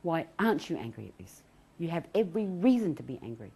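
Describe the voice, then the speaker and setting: Lively woman with a low voice. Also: quick pace, creaky, slightly rough. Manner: animated, acts out quoted voices, laughs often. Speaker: anxiety recovery presenter. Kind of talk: recorded self-help talk.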